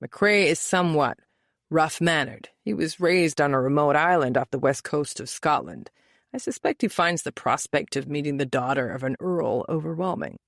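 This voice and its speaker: Calm American husband, woman narrator dropping lower, flat and even. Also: dry recording, clean studio sound. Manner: flat, measured. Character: level-headed businessman with flat American accent.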